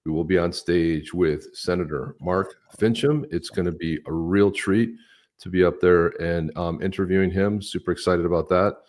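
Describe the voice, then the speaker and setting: A man's voice: low-pitched, steady tone, moderate pace, a little mellow. A man co-hosting a live stream, chatting casually and upbeat, greeting viewers by name. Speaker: podcast co-host.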